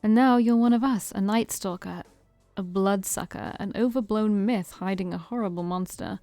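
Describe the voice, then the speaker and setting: A woman reading the lines of a smug, theatrical male vampire, slow and emphatic like a preacher, without putting on an accent. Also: medium pitch, mellow, no echo, soft background music, close to an everyday voice.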